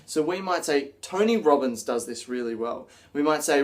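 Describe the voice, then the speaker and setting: A man presenting an instructional video on public speaking, energetic and acting out example lines as he explains. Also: medium pitch, normal speed, hardly any pauses.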